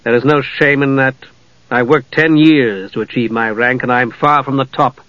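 A narrator gives voice to a proud, stern dark knight who speaks slowly and with grave weight. The storybook reading has a muffled, lo-fi tone and a dry, close sound. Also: male voice, mid-range voice, fairly even intonation, no echo, natural voice. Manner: slow, measured, grave.

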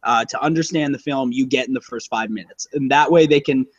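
A man's voice: mid-range voice, fairly quick, no echo, dull audio. A man co-hosting a casual movie-review chat, rambling and profane, with lots of fillers and self-corrections. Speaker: podcast co-host reviewing a movie.

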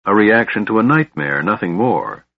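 A weary male half-elf leader, read by a man in an audiobook, speaking in a quiet, grudging way. The voice is low and a little husky. The recording has a dull, dry sound. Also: expressive, moderate pace, dry recording. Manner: quiet and reluctant.

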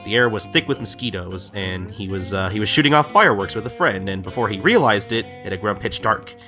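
Bright-voiced man recapping a manga. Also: fairly low pitch, expressive, dull audio, soft background music. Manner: retells scenes with quick voiced quotes, many fillers. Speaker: podcast co-host. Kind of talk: casual chat recapping a manga.

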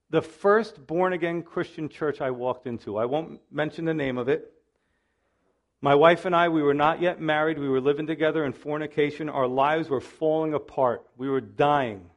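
Animated high-voiced male pastor preaching. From Italian-American background. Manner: animated, acts out quoted voices, self-deprecating humor. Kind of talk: sermon.

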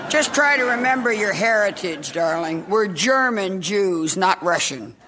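A woman's voice: medium pitch, lively intonation, measured pace, background noise, lightly acted. An actress playing an imperious, cutting middle-aged woman in a radio drama. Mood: mocking. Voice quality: sarcastic, cutting.

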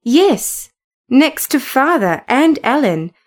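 An earnest, affectionate teenage girl who speaks softly and tenderly, as a woman reader gives her voice. The delivery is unhurried and gentle, with a fairly high voice. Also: sing-song, heavily acted.

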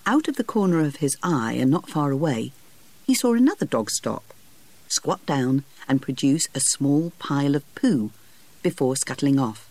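An animated storybook reading with lots of rise and fall in the voice. It is recorded dry and close, with no room sound. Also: medium pitch, moderate pace, dry recording. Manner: lively, expressive reading. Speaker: narrator. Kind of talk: storybook narration.

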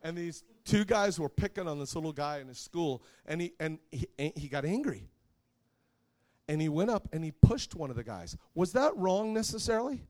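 A man's voice: fairly high pitch, sing-song, moderate pace, a little mellow. A man preaching a sermon to a live congregation, conversational and joking, asking the audience questions. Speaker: pastor.

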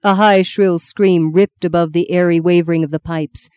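A woman reading a novel aloud as an audiobook narrator, in a lyrical, measured storytelling manner. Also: fairly low pitch, fairly even intonation, darkish tone, clear, resonant tone, no echo. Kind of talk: scripted narration.

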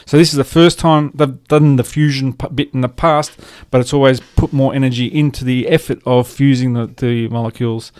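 A man hosting a casual science podcast, chatty and quick to laugh. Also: medium pitch, steady tone, a little mellow, smooth, dry recording. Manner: chatty, frequent fillers and restarts, laughs easily. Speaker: podcast host. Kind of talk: casual chat.

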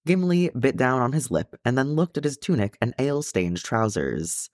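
A man reading a fan fiction story aloud with expressive narration. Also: mid-range voice, normal speed, dry recording, studio quality. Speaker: reader.

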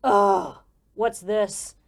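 A woman's voice: medium pitch, steady tone, extremely slow. Woman doing a frantic stressed theater manager. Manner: exasperated, loud, frantic. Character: stressed middle-aged male theater manager.

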